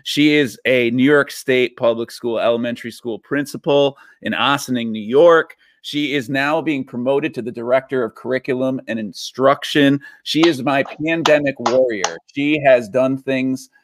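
A man's voice: mid-range voice, moderate pace, few pauses, no room sound. Man hosting an interview, dry sound. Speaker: interview host.

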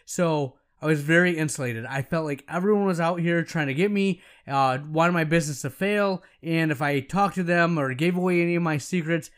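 A middle-aged man talks business advice in a relaxed, coaching way, his voice sitting a little higher than most men's. He keeps checking in with his listeners with a quick "right?" or "okay?" as he goes. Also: clean tone. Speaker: optometrist podcast host. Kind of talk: casual business advice talk.

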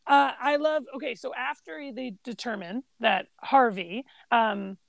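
A woman's voice: on the high side, measured pace, gravelly. A woman chatting casually and enthusiastically about a film, sometimes acting out quoted lines. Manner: enthusiastic, quoting lines in short acted bits.

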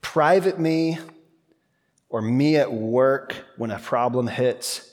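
A man preaching a sermon as pastor, talking in a conversational, animated way with quick asides. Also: medium pitch, long reverb tail.

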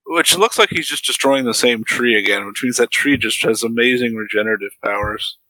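A man co-hosting a podcast with blunt, sardonic asides and casual swearing. His voice is bright and forceful at a middle pitch. The sound is dry and close. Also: fairly quick, no echo, low-quality recording. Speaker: podcast co-host. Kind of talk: casual chat.

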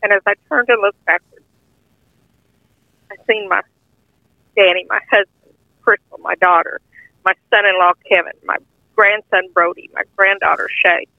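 A woman's voice: mid-range voice, steady tone, moderate pace, vocal fry, pauses often, dry recording. Older woman telling testimony over the phone. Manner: earnest, heartfelt, informal grammar. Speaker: guest sharing a testimony. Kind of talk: personal testimony storytelling. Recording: tinny phone-line audio, dry.

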